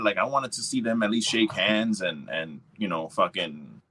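A man's voice: fairly low pitch, normal speed, sharp tone, husky. A man giving his laid-back, profane take on a wrestling show in casual podcast chat. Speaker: podcast co-host.

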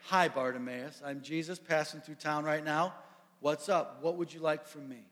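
A man voicing a calm, kind Jesus who speaks softly and casually. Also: on the high side, moderate pace, natural voice. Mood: gentle. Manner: calm, soft-spoken, conversational. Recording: echoey hall.

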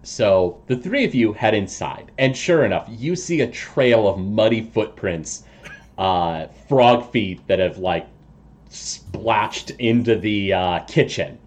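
Slow, filler-heavy man running the game. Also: on the low side, lively intonation. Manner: unhurried, many fillers. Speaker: game master. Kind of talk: narrating a tabletop game.

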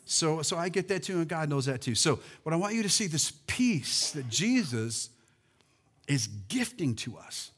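High-voiced animated male preacher. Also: normal speed, husky. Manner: animated preaching with call-and-response and swings in loudness. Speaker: pastor. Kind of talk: sermon. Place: church sanctuary.

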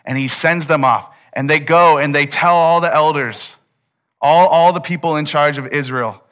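A man preaching a sermon, retelling a story with animated asides and acted-out quotes. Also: fairly high pitch, normal speed. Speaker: pastor.

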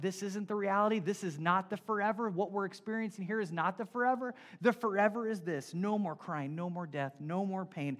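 A man preaching a sermon, building emphasis through lists and dropping to quiet closes. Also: high-pitched. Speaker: pastor.

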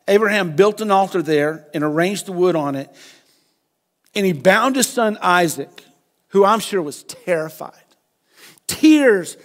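A pastor delivering an impassioned sermon. He swings from hushed, quiet stretches to loud, emphatic peaks. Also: high voice. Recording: long hall reverb.

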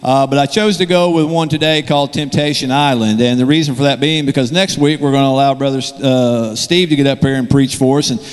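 A man's voice: mid-range voice, fairly even intonation, brisk, few pauses, smooth, in a large hall. A man preaching a sermon in a church with a handheld mic, joking and rambling conversationally between points. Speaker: guest preacher. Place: church sanctuary. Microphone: handheld microphone.

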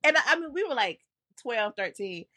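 Animated woman co-host telling stories. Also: fairly high pitch, brisk. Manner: animated storyteller, acts out quotes. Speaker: podcast co-host. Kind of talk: casual chat.

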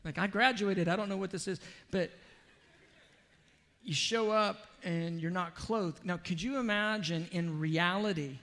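A man's voice: high-pitched, measured pace, a bit bright, big-room sound. A man preaching a sermon in an earnest, conversational way, with casual asides and quoted lines. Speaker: pastor.

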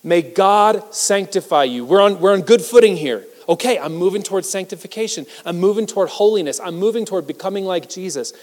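A man preaching a sermon as pastor, talking conversationally and self-deprecatingly, swinging between loud emphasis and hushed asides. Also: sits high, lively intonation, a little fast, few pauses. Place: church sanctuary. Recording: reverberant church hall.

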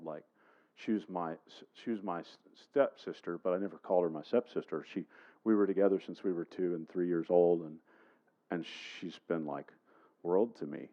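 Pastor guy preaching, low voice, kinda muffled lo-fi sound, chatty storytelling. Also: normal speed, mellow. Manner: storytelling, conversational, addresses the congregation. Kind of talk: sermon.

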